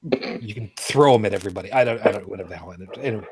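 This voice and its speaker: A man's voice: fairly low pitch, racing, a little mellow, husky, dry recording. A man hosting a casual live podcast, joking and rambling as he greets viewers. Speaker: podcast host. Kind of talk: casual livestream chat.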